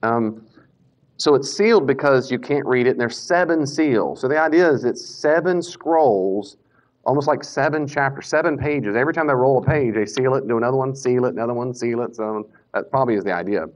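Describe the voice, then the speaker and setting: A man teaching a Bible class in a casual lecture style, animated and self-correcting, now and then acting out the speakers he quotes. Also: mid-range voice, a little fast. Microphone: Bluetooth mic that cuts out. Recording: dull lo-fi lecture recording.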